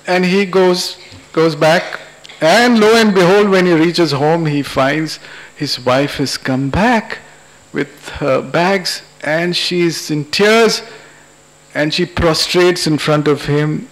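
A man's voice: on the high side, a bit bright. A man, lecturing and telling an anecdote at a public talk in a convention hall. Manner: unhurried, anecdotal storytelling.

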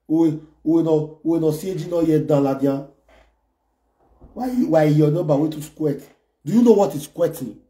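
Nigerian man, mocking online rant, jeering then muttering, slightly high voice, echoey room. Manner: insulting, mocking, switches between loud jeers and low muttering. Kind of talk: ranting online commentary.

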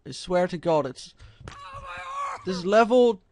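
A high-pitched man gives slow, drawn-out commentary on a video game, dropping into low mutters between sudden frustrated shouts. He sounds like he is at a desk mic at home, with faint hiss and keyboard clicks behind him. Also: animated. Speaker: gaming commentator. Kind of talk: let's play commentary.

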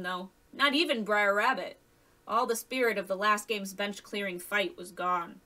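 A woman reading a chapter of a children's fantasy novel aloud, lively, with the characters voiced. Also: a little high, far from the mic, poor audio. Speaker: audiobook reader. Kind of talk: scripted narration.

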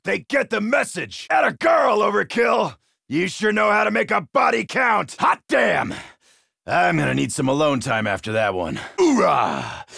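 A gruff, cocky middle-aged marine barks his wisecracks. His voice is heavily gravelly and bright, jumping up and down in pitch. The recording is dry and close, with no room sound. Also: dry recording, full character voice. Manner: brash, shouty wisecracking. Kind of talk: video game voice lines.

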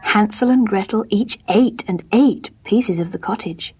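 A woman storyteller reading a fairy tale aloud in gentle, measured, soft-spoken scripted narration. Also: medium pitch, faint music behind.

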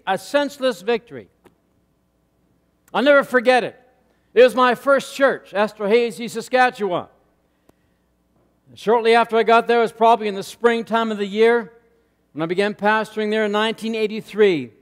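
A middle-aged male pastor preaching a sermon, telling stories and getting louder and higher as they build. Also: moderate pace, long pauses, big-room sound. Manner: storytelling, rising loud and high in anecdotes. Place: church sanctuary.

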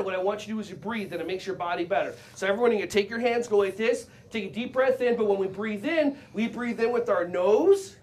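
A man teaching a children's karate and yoga class, playful and animated as he jokes with the kids. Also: high-pitched. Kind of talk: leading a kids' exercise class.

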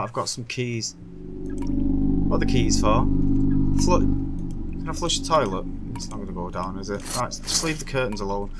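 A man's voice: mid-range voice, background noise. Jumpy man playing a horror game. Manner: jumpy, swearing, talks to himself, sudden yelps. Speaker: gaming streamer. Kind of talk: horror game let's play commentary.

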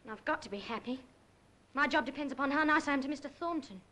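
A woman's voice: high voice, fast, bright, forceful tone. An actress in a 1930s film playing a lovesick, jealous young shopgirl who talks in a pleading, plaintive way.

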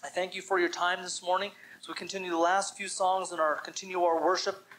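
A pastor with a high, level, somewhat bright male voice delivers a sermon at a church service, speaking a little fast. He preaches with emphasis and puts direct questions to his listeners.

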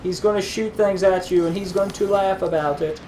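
A man's voice: high-pitched, steady tone, moderate pace, a little mellow, slight background noise, poor audio. Joking young man riffing over gameplay. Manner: joking, crude quips, talks over others. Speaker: let's play commentator. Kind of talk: casual gameplay banter.

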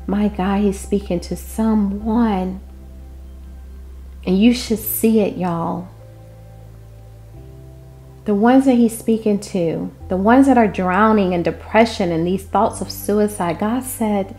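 This is a woman speaking a prophetic word over her listeners, her pitch sitting right in the middle of a woman's range. She paces each phrase slowly and with feeling. Her passionate quoted lines swell loud and then sink to near whispers, with faint music playing underneath. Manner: impassioned, relays divine quotes, swings between loud declarations and hushed asides. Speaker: prophetic minister.

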